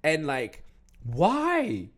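A young man talking casually to the camera, animated, with many fillers, restarts and laughs. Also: fairly high pitch, very slow, breathy edge. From Ethiopian heritage, raised in the West.

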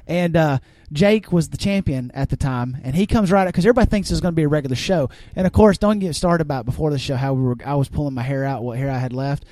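A man who wrestles, a podcast guest, telling stories excitedly in casual chat and acting out scenes with sound effects. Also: a little high, fast, hardly any pauses, no room sound.

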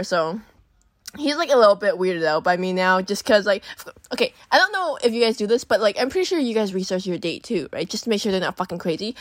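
A young woman, telling a dating story on her podcast in a casual, animated, profane way and acting out the voices she quotes. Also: medium pitch, dry recording, studio quality. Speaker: podcast host.

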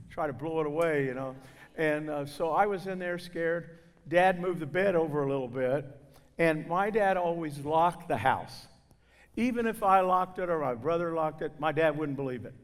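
High-voiced older man telling funny stories. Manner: folksy, animated, acts out voices. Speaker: speaker at a gathering. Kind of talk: humorous storytelling talk. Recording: long hall reverb.

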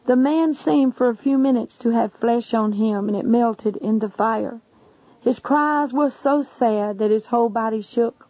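A woman's voice: on the high side, a little slow, dark tone, no room sound. A woman preacher earnestly narrating a testimony sermon, addressing listeners as friends. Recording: dull lo-fi recording.

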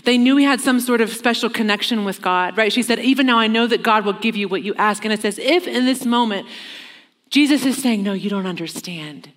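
A woman's voice: on the high side, a bit bright. Earnest woman preaching in a reverberant hall. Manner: earnest, slows down for emphasis, acts out quoted lines. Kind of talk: sermon. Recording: long reverb of a large hall.

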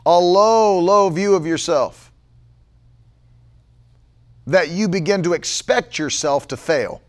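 A man preaching a livestream sermon, emphatic, repeating key phrases for stress. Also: slow pace. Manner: emphatic, repeats key phrases, mocks others in a low mumbling voice.

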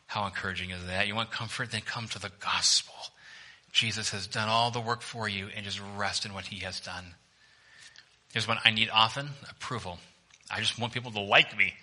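A man preaching a sermon to his church congregation. He preaches with animation, asks the listeners questions, jokes with them, and swings between loud emphasis and hushed, low passages. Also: steady tone, moderate pace. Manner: talks directly to the congregation with questions and humor. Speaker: pastor.

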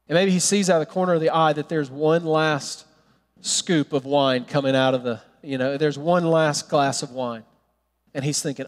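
A man preaching a sermon as a pastor, telling a Bible story in an animated way and acting out the characters' lines. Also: fairly high pitch, moderate pace, in a large hall.

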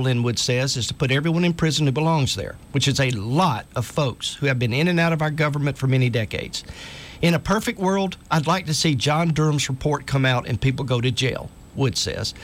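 A man's voice: mid-range voice, a bit bright. A man hosting a talk radio show, speaking in an earnest, urgent way and reading articles aloud to listeners.

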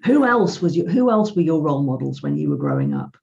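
A woman's voice: deep voice, wildly swooping pitch, a little fast, gravelly, darkish tone. A woman, a financial coach, telling stories in a podcast chat and acting out both sides of each conversation. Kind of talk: podcast interview. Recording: dull lo-fi sound.

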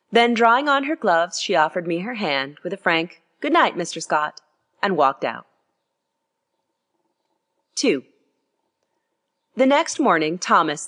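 A woman narrating a classic story in an expressive reading style. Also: lowish voice. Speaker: audiobook reader.

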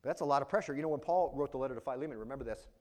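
A male pastor preaching a verse-by-verse sermon. He talks conversationally, keeps checking in with the congregation, and swings between loud emphasis and quiet asides. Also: mid-range voice, very fast. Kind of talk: expository sermon.

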